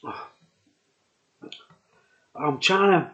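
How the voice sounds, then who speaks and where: A man's voice: a little high, measured pace, pauses often. A man casually reviewing a beer on his vlog, chatty and enthusiastic, rambling with laughs. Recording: dull lo-fi recording.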